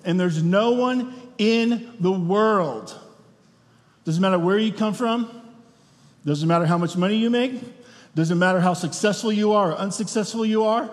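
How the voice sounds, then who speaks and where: A man's voice: sits high, normal speed. A man preaching a sermon as pastor, talking in a conversational way and often checking in with the room. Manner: conversational, asks the room questions. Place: church hall. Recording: long reverb of a church hall.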